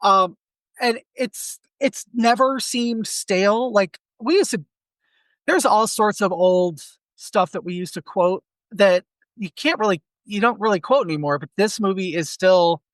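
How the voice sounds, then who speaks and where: A man's voice: sits high, unhurried, fairly bright tone, no echo. A man in his forties, a podcast co-host, telling a long rambling anecdote in casual chat full of asides.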